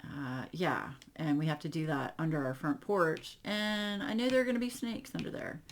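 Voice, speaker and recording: A woman chatting casually to her viewers as a crafting YouTuber, animated and wry, with lots of fillers. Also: sits low. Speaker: diamond painting YouTuber.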